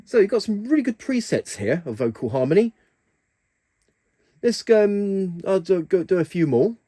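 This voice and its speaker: A man's voice: sits high, big pitch swings, moderate pace, dark tone. A man hosting a keyboard tutorial, talking casually through the settings with plenty of fillers and restarts. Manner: chatty, hesitant with fillers and restarts.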